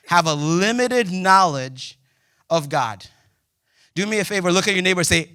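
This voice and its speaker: A young male pastor delivers a sermon in a loose, conversational way, cracking small jokes and suddenly hitting key words loudly. His voice sits high and sounds bright and forceful. The sound is close and dry, with no room echo. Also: a little slow, clean tone. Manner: lively, conversational preaching with jokes and sudden loud emphasis. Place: church auditorium.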